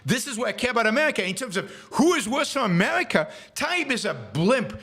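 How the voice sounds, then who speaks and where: A man's voice: very high-pitched, sing-song, brisk, bright, forceful tone. A man hosting a live show, ranting emphatically and heatedly about public figures. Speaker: podcast host.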